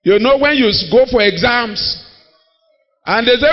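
A man preaches in a high voice, telling stories and acting out the people in them with emphatic delivery. The sound is muffled and lo-fi, and a long reverb trails after every phrase as it fills a large church hall. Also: lively intonation, moderate pace, long pauses. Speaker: pastor. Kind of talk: sermon.

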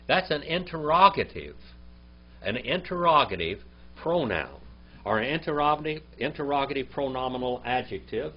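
Man, Bible language teacher, very slow and deliberate, quizzing the class; dull lo-fi recording with a faint hum. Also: medium pitch. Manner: quizzes the class, reads Hebrew words slowly.

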